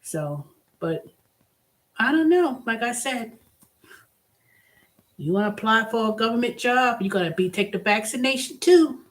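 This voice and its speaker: A woman hosting her own vlog rants casually, her slightly high voice animated but a little slow, with frequent pauses. She's blunt and stresses words strongly, her mood turning from exasperation to delight.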